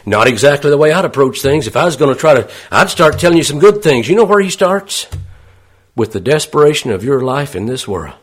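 Husky, folksy preacher man. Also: medium pitch, big pitch swings, a little fast. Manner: folksy, plain-spoken, asks the listeners rhetorical questions. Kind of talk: sermon.

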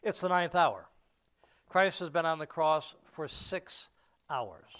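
A man preaching a sermon, teaching from scripture in an unhurried way with frequent fillers and restarts. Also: on the high side, lively intonation, fairly bright tone.

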